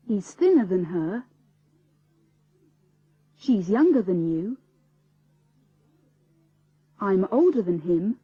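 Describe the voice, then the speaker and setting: A woman with a husky voice reading short practice sentences with clear stress. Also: medium pitch, dark tone, no room sound, lo-fi sound. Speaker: model speaker for drills.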